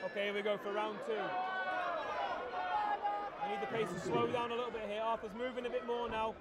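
A man giving excited live commentary at a boxing fight, shouting encouragement to the fighter. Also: very high voice, brisk. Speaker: ringside commentator. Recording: loud crowd and noise at a boxing event.

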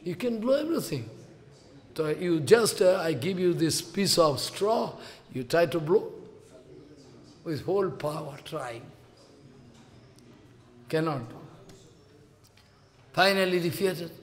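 A man's voice: fairly high pitch, lively intonation, slow pace, long pauses. A man delivers a devotional sermon, telling a story of the gods. He acts out their exchanges by raising his voice. The recording carries a long reverb, as if made in a large hall. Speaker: spiritual teacher.

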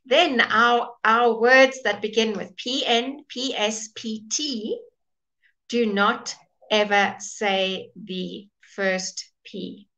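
A woman's voice: fairly high pitch, pushed and bright, highs cut off. A woman teaching a live online English pronunciation lesson, patiently modelling words and greeting viewers by name.

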